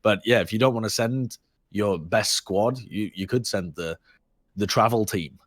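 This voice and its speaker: A man co-hosting an esports podcast, animated and joking, with casual swearing. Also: on the low side, measured pace, no room sound, studio quality. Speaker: podcast co-host.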